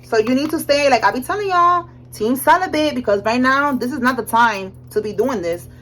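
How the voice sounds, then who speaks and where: A young woman with a high voice talks through a tarot reading in a loose, slangy way. She keeps checking in with "all right?" and laughs often as she goes. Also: lively intonation, fairly quick, fairly bright tone, a little hiss or hum, low-quality recording. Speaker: tarot reader. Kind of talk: casual tarot reading monologue.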